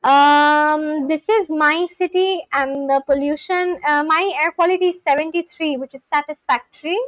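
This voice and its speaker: A high-pitched woman talks casually on a live stream. She thinks aloud and answers questions with restarts. The sound is dry and close. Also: fairly even intonation, moderate pace, a bit bright, no room sound. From India. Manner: thinks aloud, answers chat questions, repeats practice phrases with many restarts. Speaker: livestreamer learning a language.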